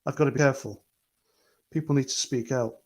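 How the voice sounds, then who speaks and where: A man's voice: mid-range voice, fairly even intonation, quick pace. A man hosting a livestream, talking earnestly and rambling as he reads out chat comments. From Britain. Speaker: livestream host.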